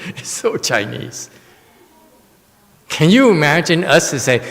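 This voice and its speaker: A man giving a Dharma lecture in a temple hall, speaking slowly and deliberately. He jokes wryly and teases the room. A long reverb tail hangs on each phrase. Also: medium pitch, expressive, a bit bright. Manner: teasing, chuckling, wryly joking with listeners. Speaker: Buddhist teacher.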